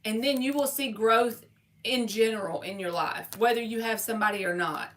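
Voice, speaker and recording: A woman's voice: on the high side, moderate pace, fairly bright tone. A woman giving a live-stream tarot reading, talking casually and straight to her viewers in slangy everyday speech. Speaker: tarot reader.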